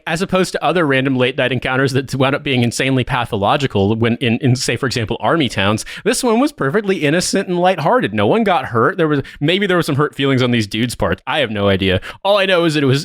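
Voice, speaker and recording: A man's voice: medium pitch, animated, fast, a bit bright, dry recording, clean studio sound. A man in his thirties co-hosting a podcast, telling a long story in casual chat, rambling and swearing, laughing often. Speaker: podcast co-host.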